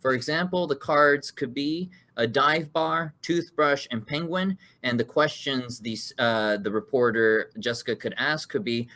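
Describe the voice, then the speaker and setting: Man as game show host, upbeat, mid pitch, laughs a lot while explaining rules. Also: normal speed, hardly any pauses, pushed and bright. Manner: upbeat, laughing often, reading rules aloud. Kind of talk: hosting an online improv card game.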